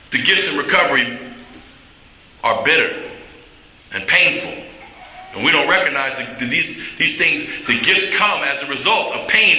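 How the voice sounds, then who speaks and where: A man's voice: a little high, pushed and bright. A middle-aged man telling his recovery story to a meeting in a plainspoken, candid way, with some humor. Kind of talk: personal recovery talk. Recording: echoey hall.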